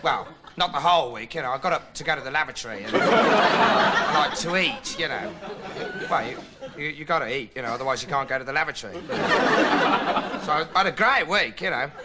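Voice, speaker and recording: A man telling a rambling deadpan comic monologue to camera as a hapless reporter. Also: a little fast, long pauses. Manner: rambling, flat, puts on high voices for quoted people. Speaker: comic reporter character host. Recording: studio audience laughter, noisy old tape. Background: audience laughing.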